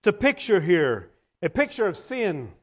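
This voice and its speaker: High-voiced man preaching a sermon. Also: sing-song, moderate pace. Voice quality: frequent throat clearing. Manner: repetitive, restarting phrases, dramatic emphasis.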